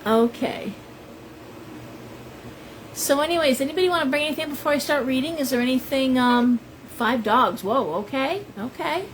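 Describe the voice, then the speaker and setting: A woman's voice: high-pitched, moderate pace, slight background noise, poor audio. Chatty woman hosting a live stream. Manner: chatty, rambling, reads out viewer names. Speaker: shop owner and tarot reader hosting a live stream. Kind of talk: casual live-stream chat with viewers.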